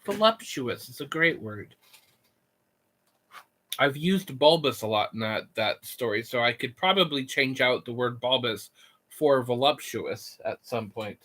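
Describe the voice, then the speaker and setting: A man's voice: medium pitch, expressive, measured pace, bright, forceful tone, a little hiss or hum. A young man chatting casually on a live stream, rambling, joking and answering his chat. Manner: goofy, rambling, reads chat and jokes.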